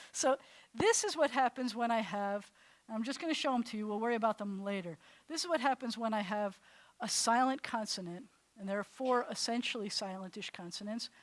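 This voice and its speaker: A woman rabbi teaching a live class, chatty and animated, laughing at herself as she demonstrates sounds. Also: fairly high pitch, no echo. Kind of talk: classroom lesson. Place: congregation classroom.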